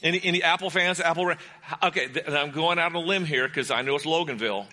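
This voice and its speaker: Bright-voiced man preaching a sermon. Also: a little high, fast. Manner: conversational, asks the congregation questions. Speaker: pastor. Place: church sanctuary with congregation.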